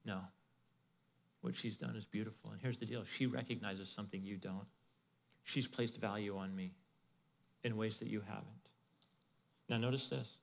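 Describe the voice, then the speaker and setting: A male pastor giving a sermon in a conversational, animated way, with asides to the congregation. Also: lowish voice, normal speed, creaky, pauses often, big-room sound. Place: church in Arizona.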